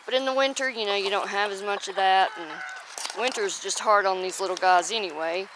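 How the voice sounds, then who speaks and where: Talking a little fast in a mid-range voice, a woman homestead vlogger chats casually through outdoor chores at the chicken and rabbit pens. She regularly interrupts herself to coo at her chickens by name. Background noise runs through the clip.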